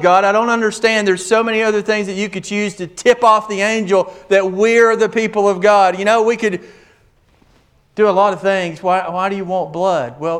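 A man preaching a sermon in an animated way, asking rhetorical questions and acting out the voices he quotes. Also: high-pitched. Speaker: pastor.

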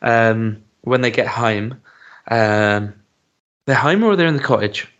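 A podcast co-host chats casually while reviewing a TV episode, speaking slowly in an ordinary middle-pitched voice over dull audio. He hesitates a lot with ums and restarts, then becomes animated and jokey.

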